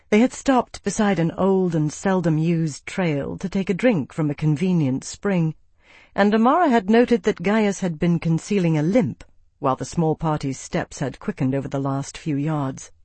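A man narrating an audiobook in a measured, even storytelling voice. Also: fairly high pitch, dry recording. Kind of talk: scripted narration.

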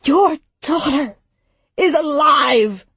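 A woman's voice: mid-range voice, animated, slow, breathy edge, dry recording. A woman voicing a grieving, fanatical villager. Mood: frantic. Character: grieving, fanatical village man, loud and strained.

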